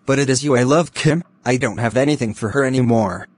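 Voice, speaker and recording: Young fiancé, voiced by a man, cartoon drama, defensive, pleading, excitable, medium pitch. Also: a little fast, husky, lightly acted. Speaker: voice actor in animated drama.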